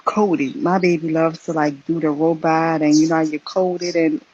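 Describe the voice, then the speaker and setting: A woman co-hosting a casual live-stream commentary, talking loudly and chatting straight to her viewers. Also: sits low, fairly even intonation, normal speed, husky, no echo, lo-fi sound. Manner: loud, chatty, addresses viewers as y'all.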